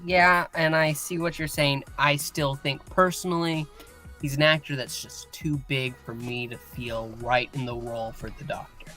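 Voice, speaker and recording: A man co-hosting a casual podcast chat, weighing his opinions slowly with many fillers and restarts. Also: on the high side, steady tone, pushed and bright, soft background music. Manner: measured, hesitant, with many fillers. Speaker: podcast co-host.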